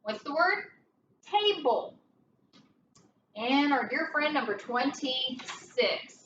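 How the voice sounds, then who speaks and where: A woman teaching a phonics lesson, slowly working through each word aloud and thinking it over as she goes. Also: sits high, lively intonation, fairly bright tone. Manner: slow, deliberate, thinking aloud. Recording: dull, roomy, distant mic with faint noise.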